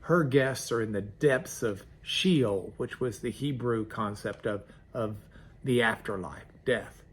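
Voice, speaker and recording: Folksy preacher. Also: male voice, medium pitch, slow pace, husky. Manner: folksy, conversational, with restarts. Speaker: pastor. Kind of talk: devotional sermon.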